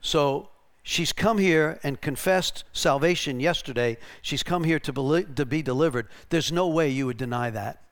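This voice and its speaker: A man preaching a storytelling sermon in an animated way, restarting and repeating words and rising to shouted bursts. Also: fairly high pitch, moderate pace, hardly any pauses. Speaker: pastor.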